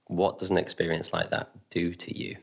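A man's voice: low voice, little pitch movement, moderate pace, creaky, slightly rough. A man hosting a podcast, reflectively asking his guest questions. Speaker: podcast host. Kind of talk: interviewing.

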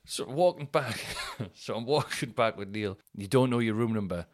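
A man hosting a podcast, telling a casual anecdote in a rambling way, with quick restarts and acted-out quotes. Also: on the low side. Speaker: podcast host.

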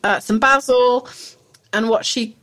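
A woman's voice: a little high, fairly even intonation, takes it slowly, fairly bright tone. Chatty rambling woman podcast co-host. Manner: chatty, rambling, laughs often. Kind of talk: casual chat.

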